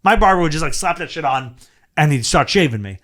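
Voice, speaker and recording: With a slightly high, fairly bright voice, a man talks fast and animatedly as a podcast guest. The comedian wanders through a profane story in a relaxed chat, frequently laughing and starting over.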